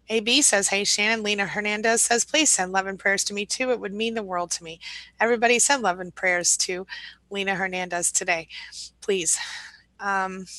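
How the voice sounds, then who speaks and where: Bright chatty woman hosting a live stream. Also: mid-range voice, no room sound, poor audio. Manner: warm, chatty, reads comments aloud with frequent laughs and fillers. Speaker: live-stream host and coach. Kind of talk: live chat reading viewer comments.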